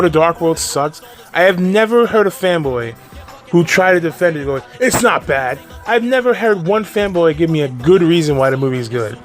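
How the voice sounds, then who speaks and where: A man ranting casually about moviegoers and fanboys, exasperated and profane, with frequent laughs and restarts. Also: high-pitched. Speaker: movie commentary vlogger.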